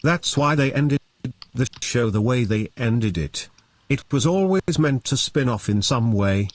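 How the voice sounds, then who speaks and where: Male co-host reading donations, plain and even, dry close sound. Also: medium pitch, unhurried, dry recording. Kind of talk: reading viewer messages aloud.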